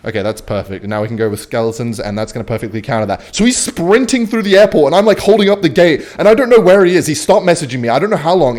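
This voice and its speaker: A young man from Western Australia telling a rambling, swear-filled story while playing a game, muttering quietly about his moves. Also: mid-range voice. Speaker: gaming streamer.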